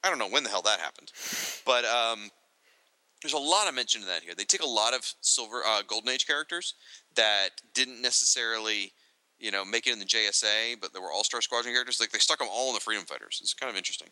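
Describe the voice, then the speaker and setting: A man co-hosting a casual chat, reading entries aloud from a reference book and adding excitable, joking asides. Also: fairly low pitch, fast talker, dry recording, poor audio. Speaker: podcast co-host.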